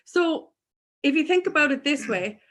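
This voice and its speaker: A woman with a somewhat high voice talks as a guest in a spiritual conversation. She is earnest and emphatic, and frank about her own struggles. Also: animated, moderate pace, fairly bright tone.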